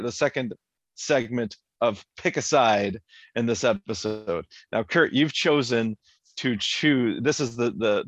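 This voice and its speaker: A man co-hosting a casual podcast chat, animated, laughing often and acting out lines as he recaps a TV episode. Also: medium pitch, no room sound. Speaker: podcast co-host.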